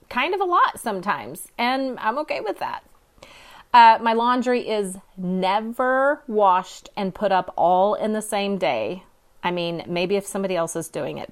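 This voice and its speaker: A woman in her fifties from California talks straight to her listeners as host of her own podcast. Her voice sits slightly high for a woman, and she is bubbly and candid, poking fun at herself. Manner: bubbly, candid and self-deprecating. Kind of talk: upbeat solo podcast monologue.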